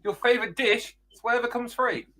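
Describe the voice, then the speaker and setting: A man's voice: very high-pitched, brisk, pushed and bright. A British man hosting a casual podcast over a video call, playful and rambling with flustered asides. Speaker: podcast host. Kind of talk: casual chat.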